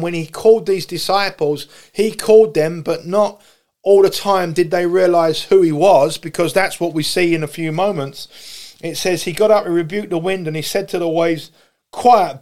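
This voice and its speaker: A man's voice: fairly high pitch, darkish tone. A man pastor preaching a sermon, building through repeated questions and refrains. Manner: preaching with repetitive rising questions.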